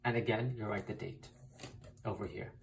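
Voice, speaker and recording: A man's voice: lowish voice, fairly even intonation, normal speed, creaky, recorded from a distance, background noise. A man teaching a spiritual writing technique in a casual, emphatic way, repeating key phrases and swearing mildly for emphasis. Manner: emphatic, repetitive, uses mild swearing. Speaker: spiritual content creator. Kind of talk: casual instructional vlog.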